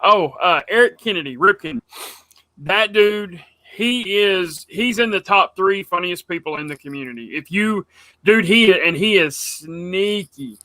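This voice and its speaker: A man co-hosting a casual podcast chat, rambling and animated as he tells stories. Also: high voice, measured pace, no room sound. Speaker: podcast co-host.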